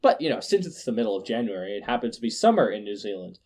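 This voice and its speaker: A man hosting a casual news podcast, sarcastic and quick to laugh, often restarting his words. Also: fairly low pitch, sing-song, a little mellow. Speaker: podcast host.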